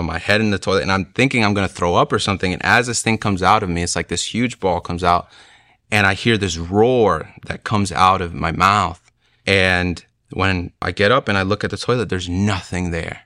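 A man's voice: low-pitched, bright, forceful tone, no room sound, studio quality. A young man earnestly telling his personal testimony, in an emotional storytelling way.

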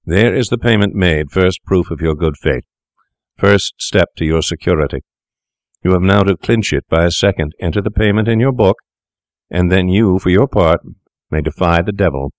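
A man voicing a calm, sinister young male doctor who talks persuasively and lectures his accomplice. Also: low voice, moderate pace, dry recording, clean studio sound, natural voice. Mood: coaxing.

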